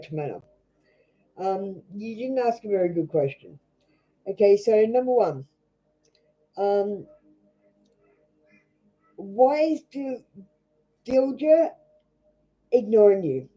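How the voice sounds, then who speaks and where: A woman's voice: mid-range voice, lively intonation, takes it slowly, pauses often, lo-fi sound. A woman with an Australian accent doing a live tarot reading, blunt and scolding, swearing freely as she talks to viewers. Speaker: tarot reader.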